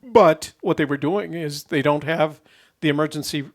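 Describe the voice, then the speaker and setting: A man with a somewhat high, gravelly voice hosts a call-in show. He talks in an easygoing, rambling way, with plenty of fillers between his thoughts. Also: normal speed. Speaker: host.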